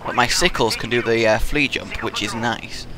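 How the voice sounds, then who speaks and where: A man giving live gameplay commentary with excitable, swearing trash talk. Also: medium pitch, moderate pace, background noise. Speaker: gaming video host.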